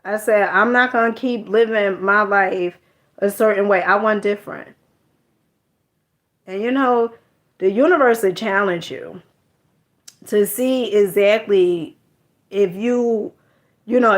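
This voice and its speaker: A woman's voice: medium pitch, a little slow, long pauses. A woman telling a personal story in a casual, chatty monologue, often repeating her words and using slang.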